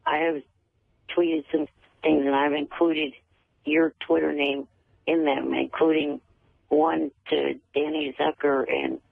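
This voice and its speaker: A man calling in to a radio talk show, speaking haltingly with restarts and repeated words over a telephone line. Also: a little high, animated, vocal fry, no echo. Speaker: caller. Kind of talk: phone-in radio chat. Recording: tinny phone line.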